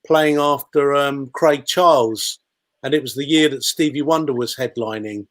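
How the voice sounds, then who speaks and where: A man's voice: medium pitch, moderate pace, no echo. Stammering man telling stories on a call. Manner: rambling, stammering storyteller. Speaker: quiz contestant, DJ. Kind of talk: casual anecdote on a video call. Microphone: video call.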